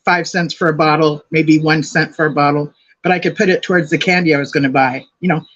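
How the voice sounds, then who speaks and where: A woman's voice: low voice, fairly even intonation, fast, fairly bright tone, muffled recording. An older woman co-hosting a casual commentary chat, reasoning things out aloud in a thoughtful way. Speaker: co-host.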